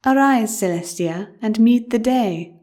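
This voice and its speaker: A woman narrator voicing a pregnant mare queen who speaks to her daughter in a warm, soft, coaxing way. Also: on the high side, measured pace, natural voice. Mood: tender. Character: gentle pregnant mare queen mother, tender and calm. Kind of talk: audiobook character voice.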